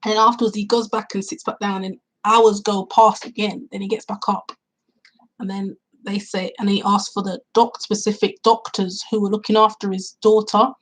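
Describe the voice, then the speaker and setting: A film reviewer chats casually through a movie's plot for her vlog, outdoors on a cool day. Her voice is slightly husky and breathy at an ordinary middle pitch, with a level tone and normal speed. She rambles step by step, piling on fillers and acting out her own reactions, and the recording is rough.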